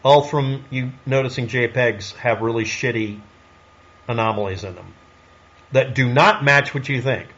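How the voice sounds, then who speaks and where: A man's voice: mid-range voice, unhurried, a bit bright, dull audio. A man delivering a solo commentary monologue in a snarky, sarcastic way, firing off rhetorical questions. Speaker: online commentator.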